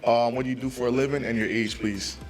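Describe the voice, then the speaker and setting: A man's voice: medium pitch, steady tone, quick pace, soft background music. A man hosting a dating show, asking contestants questions in a hesitant way with many fillers.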